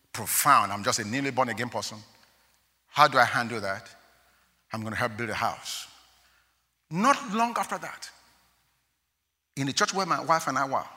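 A man preaching a sermon as a pastor, animated and exclaiming as he tells stories, often laughing. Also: medium pitch. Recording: long hall reverb.

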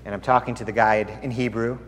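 A male pastor shares a personal story within his sermon, earnest and confiding. His voice sits at a middle pitch. It rings out with long reverb in a large hall or sanctuary, over a faint wash of room ambience. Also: steady tone, fast talker, a little hiss or hum.

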